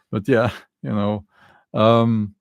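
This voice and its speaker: A man with a non-native English accent, hosting a casual livestream and answering chat comments in a halting way, with many fillers and frequent chuckles. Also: fairly low pitch, gravelly, mellow, no room sound. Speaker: channel host answering live chat.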